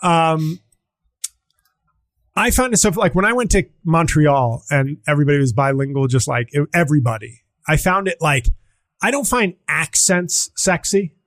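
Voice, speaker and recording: A middle-aged man hosts a casual comedy podcast in a notably high voice. He talks in an animated way and drops into quick put-on voices when he quotes people. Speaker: podcast host.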